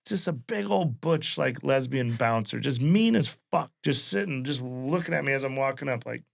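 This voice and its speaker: A late-thirties man from Wyoming, USA, a comedian guesting on a podcast, rambles through a profane, loose story in casual chat. His gravelly mid-range voice moves at normal speed with lively intonation.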